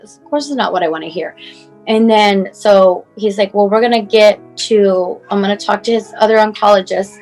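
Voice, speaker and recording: A woman's voice: mid-range voice, moderate pace, a little mellow, faint music behind, rough recording. Woman in her forties, rambling personal account. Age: 40s. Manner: rambling, heavy use of "like" and "you know". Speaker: mother telling her son's story as a guest. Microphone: clip-on mic.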